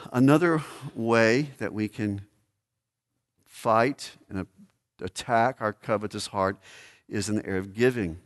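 A man preaching a sermon as pastor, emphatic, swinging between loud declarations and hushed asides. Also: fairly low pitch, long reverb tail.

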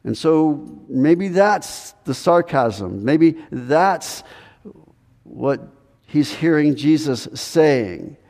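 A man preaching a sermon as pastor, earnest and full of rhetorical questions, his voice rising high when he plays a reluctant believer. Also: animated, very slow, gravelly, darkish tone. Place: church sanctuary. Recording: long hall reverb.

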